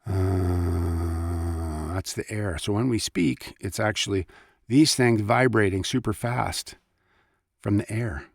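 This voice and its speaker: A man's voice: sits low, takes it slowly, no echo, clean studio sound. A male voice actor talking casually and chattily about his craft, in a rambling way. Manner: chatty, rambling, self-interrupting. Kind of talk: casual vlog talk.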